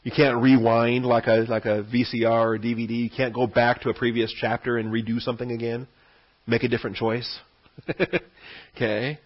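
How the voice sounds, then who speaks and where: A man teaches a Bible study in an easy, conversational way, often repeating himself and pausing to ask "okay?". His voice is husky and sits at an ordinary pitch for a man. The recording sounds dull and lo-fi. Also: little pitch movement. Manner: conversational, repeats words, frequent "okay?" check-ins.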